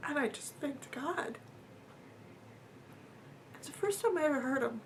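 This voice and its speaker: With a high voice and lively intonation, a woman tells a personal story earnestly but haltingly, using fillers and repeating herself. At times she falls to a near whisper, and there's a little hiss or hum.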